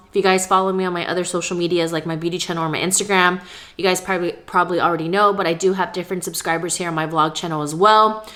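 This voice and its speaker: A woman's voice: lowish voice, fairly bright tone. Chatty young woman vlogging over a meal. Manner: chatty, candid, talks between bites of food. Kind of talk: casual vlog chat while eating. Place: at home, indoors.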